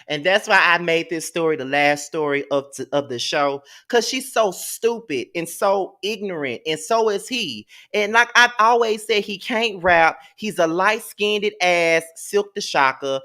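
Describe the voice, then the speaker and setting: A man's voice: high-pitched, animated, a little slow, hardly any pauses, bright, forceful tone. Exasperated man ranting as a show host. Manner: exasperated, blunt, slangy. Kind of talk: casual commentary rant.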